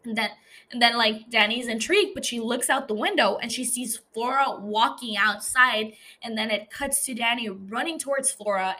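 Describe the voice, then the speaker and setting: Bright-voiced woman recapping with giggles. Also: on the high side. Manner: chatty, giggly, filler-heavy storytelling. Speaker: podcast host recapping a series. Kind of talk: casual episode recap.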